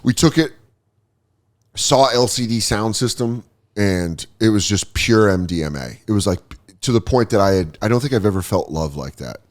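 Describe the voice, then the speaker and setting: A man's voice: on the low side, moderate pace. A man hosting a podcast, telling crude stories in a casual comedic chat. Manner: crude, animated storytelling. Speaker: podcast host.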